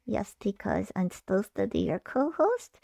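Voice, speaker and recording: Sleepy, deadpan monster co-host, voiced by a woman: heavy gravel in a mellow, close, dry sound. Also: mid-range voice, unhurried, no echo, heavily acted. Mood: droll. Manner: drowsy, dry, gently sarcastic. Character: sleepy purple monster puppet co-host, male.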